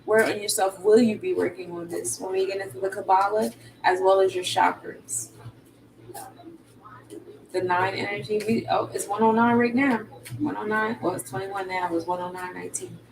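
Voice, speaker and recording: A woman's voice: medium pitch, steady tone, moderate pace, creaky, distant mic, noisy background. A woman giving a casual live-stream tarot reading, loose and slangy with laughing asides. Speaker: tarot reader.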